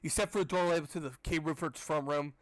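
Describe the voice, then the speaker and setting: A man's voice: a little high, fast talker, no room sound. A man reading a children's book aloud casually, breaking off for sarcastic, swearing asides. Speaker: audiobook club reader. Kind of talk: casual read-aloud with commentary.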